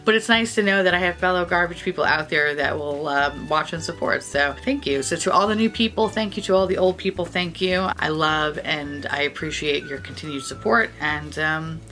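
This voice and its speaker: A woman's voice: deep voice, a little fast, hardly any pauses. A woman vlogger telling stories casually, swearing often and rambling. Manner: profane, rambling, animated. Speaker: beauty vlogger. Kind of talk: casual storytelling vlog.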